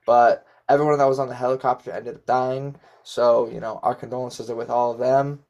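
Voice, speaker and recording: A man's voice: medium pitch, flat delivery, fairly quick, gravelly, darkish tone, muffled recording. A young man co-hosting a casual podcast chat, talking in loose rambling runs full of fillers. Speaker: podcast co-host.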